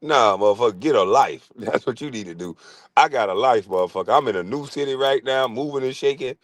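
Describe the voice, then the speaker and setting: A middle-aged man streaming a profane comic rant, crude, loud and laughing often. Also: medium pitch, expressive, brisk, no echo.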